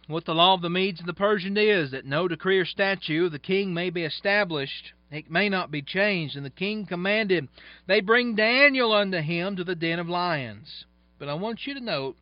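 A man's voice: on the high side, dry recording. A man preaching a sermon, reading scripture aloud and explaining it in plain, folksy asides. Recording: dull, dry, lo-fi sound.

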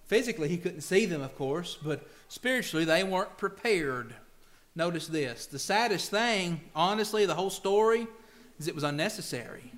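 A man's voice: high voice, normal speed. A male preacher delivering a sermon, reading scripture and acting out pleading voices. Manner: animated, acts out pleading voices and quotes scripture.

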